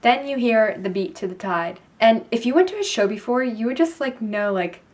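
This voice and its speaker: A young woman vlogging, telling a story in a gushing, excited way with lots of fillers. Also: on the high side, moderate pace. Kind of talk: casual storytelling to camera.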